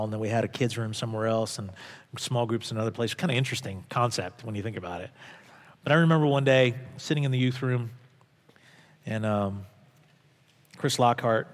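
A man's voice: on the low side, in a large hall. A male pastor preaching a sermon, earnest and emphatic, repeating phrases for stress. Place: church sanctuary.

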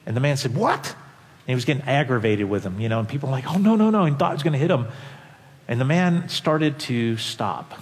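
A man preaching a sermon as a pastor, impassioned, swinging from quiet, low passages to loud, high peaks. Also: a little fast, breathy edge. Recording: long hall reverb.

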